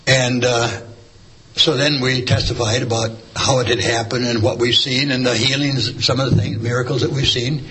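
A man tells a story in a loose, rambling way, filling gaps with "uh" and restarting his sentences. His voice sits in an ordinary middle pitch. A faint hiss runs under the recording. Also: flat delivery, moderate pace, pushed and bright, rough recording. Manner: rambling, full of fillers and restarts. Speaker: church member sharing a testimony. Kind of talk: casual storytelling.

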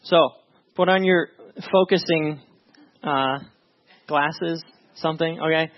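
A man's voice: on the high side, fairly even intonation, takes it slowly. A man preaching a sermon as pastor, reading scripture and talking to his congregation in a conversational way, often repeating words and asking "right?". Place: church before a congregation. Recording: dull lo-fi sound.

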